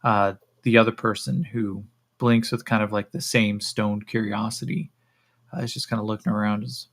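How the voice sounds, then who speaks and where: A man narrating a solo tabletop role-playing game as game master, in a relaxed, rambling way with many fillers. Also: on the low side, moderate pace.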